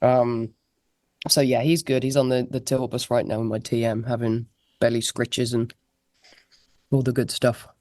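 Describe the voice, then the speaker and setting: A woman's voice: rumbling low, little pitch movement, normal speed, long pauses, darkish tone, dry recording, studio quality. A woman, a musician guest telling anecdotes in a chatty, laughing way over a laptop video call. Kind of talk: casual interview chat.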